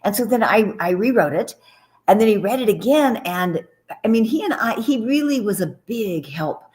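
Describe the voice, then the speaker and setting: A woman novelist talking in a casual radio interview, chatty and animated, often restarting her phrases. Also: mid-range voice, moderate pace. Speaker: novelist guest.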